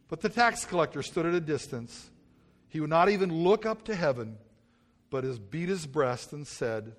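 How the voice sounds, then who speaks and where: In an animated sermon at normal speed, a male pastor with a fairly high voice earnestly tells of a personal experience. He often goes quiet and hushed and repeats phrases when he is moved.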